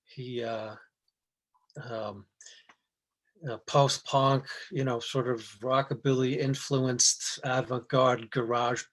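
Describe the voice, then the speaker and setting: Middle-aged male guest, casual chat, halting and rambling, mid-pitched. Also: level tone, a bit bright. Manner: rambling, halting, many restarts and fillers. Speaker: guest actor.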